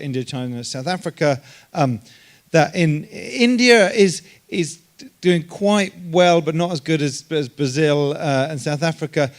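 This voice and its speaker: A man speaks on a conference panel in a slightly high voice. He explains in a calm, measured way, pausing now and then on a filler.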